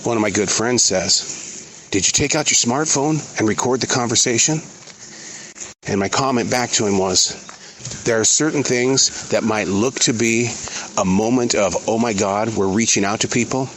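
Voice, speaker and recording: A man hosting a podcast, speaking his thoughts out loud while outdoors in a forest, earnest and given to pauses and repeats. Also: lowish voice, a little hiss or hum. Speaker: podcast host. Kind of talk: reflective outdoor monologue.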